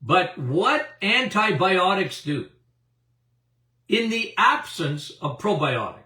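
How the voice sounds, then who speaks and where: Taking it slowly, a man in his seventies speaks in a high-sitting, very animated voice with a sharp tone. As a doctor hosting a health talk for an audience, he is emphatic, repetitive, and given to chuckles, recorded roomily from a distant mic.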